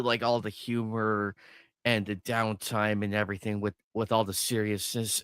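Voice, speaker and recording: A man's voice: on the low side, a bit bright, smooth, dry recording. Man, casual stream chat, enthusiastic, laughs easily, dry close sound. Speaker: co-host of a watch party stream. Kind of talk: casual chat reviewing cartoon episodes.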